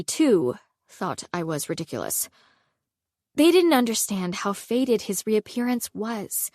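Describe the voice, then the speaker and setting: A young adult woman narrating a first-person audiobook with expressive storytelling. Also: mid-range voice, no room sound, clean studio sound. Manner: expressive storytelling, voicing characters.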